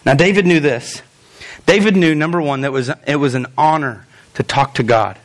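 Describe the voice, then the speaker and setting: Young guy preaching, pretty high voice, lively and jokey, talks right at the crowd. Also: normal speed. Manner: animated, joking asides, talks straight to the congregation. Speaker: pastor. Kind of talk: sermon.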